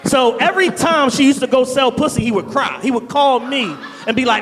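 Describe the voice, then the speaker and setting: A man co-hosting a live podcast, throwing in quick joking remarks and telling stories before an audience. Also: extremely high pitch, fairly bright tone. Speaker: podcast co-host. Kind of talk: casual banter on a live podcast. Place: studio venue with a live audience. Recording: long reverb of a live venue.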